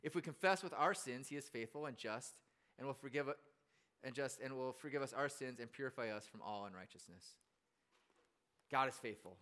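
Bright, clear-voiced storytelling preacher man. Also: medium pitch, moderate pace. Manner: chatty and self-deprecating, with frequent fillers and restarts. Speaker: pastor. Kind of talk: casual storytelling sermon.

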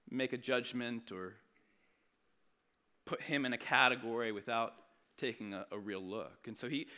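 Male pastor, high bright voice, conversational sermon, earnest, restarts often. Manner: conversational, earnest, with frequent restarts and dynamic swings.

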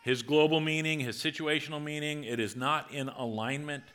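A male pastor delivering a sermon to his congregation. He talks in a relaxed, lively way and slips into voices for quoted lines. His tone is bright and crisp. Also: on the high side, normal speed. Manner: conversational, animated, acts out quotes.

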